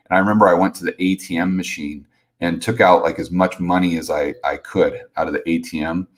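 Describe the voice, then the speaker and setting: A middle-aged man telling a personal story on a casual live stream, rambling with many restarts and fillers. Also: low-pitched.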